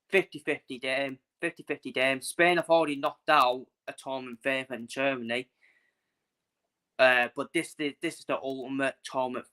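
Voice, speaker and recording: Blunt, bright-voiced English football vlogger. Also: male voice, medium pitch. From England. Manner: blunt, repetitive, emphatic. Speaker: football channel host. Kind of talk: casual ranting match preview.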